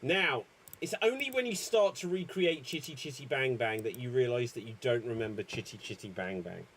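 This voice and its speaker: A man hosting a comedy improv show, announcing rounds in a dry, unhurried way. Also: medium pitch, lively intonation, a bit bright, a little hiss or hum.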